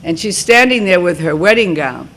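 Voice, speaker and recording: A woman in her seventies speaking to high school students as a guest, talking informally and rambling with frequent restarts. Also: lively intonation, normal speed, fairly bright tone, a little hiss or hum. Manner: rambling, restarts mid-thought. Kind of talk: informal talk and Q&A.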